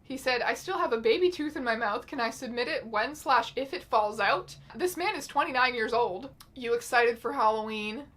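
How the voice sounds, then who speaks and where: A woman hosting her own channel, reading out chat messages in a casual, wry, deadpan way with some swearing. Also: a little high, moderate pace, hardly any pauses. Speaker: YouTube host.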